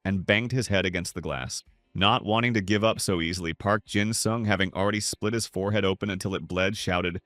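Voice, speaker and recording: A man narrating a comic recap in a steady, dramatic storytelling manner. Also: on the low side, fairly quick, no echo, studio quality, faint music behind.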